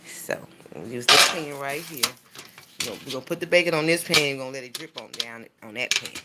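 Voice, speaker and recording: A livestreaming cooking vlogger with a bass voice talks fairly quickly while making breakfast in her kitchen at home. She chats straight to her viewers in a casual way, and the recording is very noisy.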